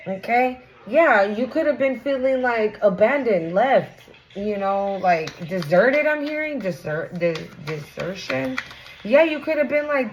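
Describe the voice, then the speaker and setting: A woman's voice: fairly high pitch, a little slow, slight background noise. A woman giving a casual tarot reading to camera, blunt and profane, talking straight to the viewer and often asking "right?". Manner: animated, often exclaims and asks "right?". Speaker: tarot reader.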